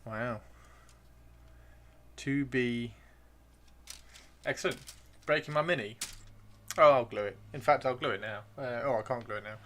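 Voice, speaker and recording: Excitable man chatting on a live stream. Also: mid-range voice, unhurried, pauses often. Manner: excitable, rambling, talks to himself and chat. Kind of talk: casual live-stream chat while building miniatures.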